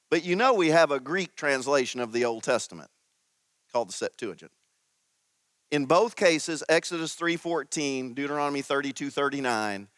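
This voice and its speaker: A man preaching a sermon as pastor, teaching slowly and emphatically with dramatic pauses. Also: mid-range voice, a bit bright, clean tone, dry recording.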